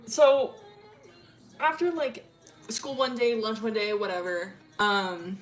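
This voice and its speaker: A woman's voice: medium pitch, fairly even intonation, slow pace. A woman streamer casually telling a story about her original characters, rambling with lots of fillers, swearing freely and laughing often. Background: faint music.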